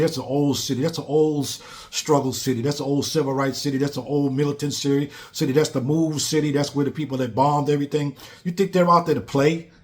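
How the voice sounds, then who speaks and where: A man's voice: medium pitch, darkish tone. A man giving a blunt, emphatic casual monologue on politics, repeating phrases for stress. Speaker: commentator.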